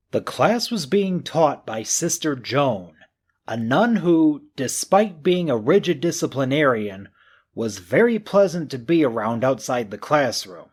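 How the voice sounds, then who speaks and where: A man reading a mystery novel aloud as an audiobook narrator, with an expressive reading that acts out the characters' thoughts. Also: mid-range voice, slightly rough.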